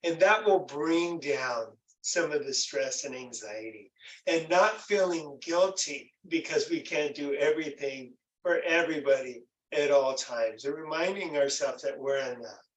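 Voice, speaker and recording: Male workshop presenter, slightly high voice, gentle and encouraging, echoey room, set back from the mic. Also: a little slow, far from the mic. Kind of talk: online workshop teaching.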